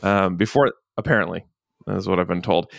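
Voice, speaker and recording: A man's voice: low voice, fairly quick, gravelly, no echo, studio quality. A man hosting a casual podcast, joking and rambling with fillers. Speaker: podcast host.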